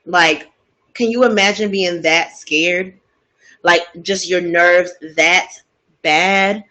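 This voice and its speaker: A woman host telling a story in a casual, gossipy way, chatty and expressive, asking many rhetorical questions. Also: fairly low pitch, slow pace, poor audio.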